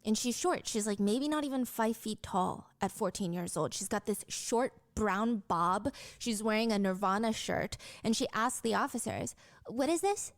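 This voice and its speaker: Woman telling a true crime story, calm and measured, dry sound. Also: mid-range voice, dry recording.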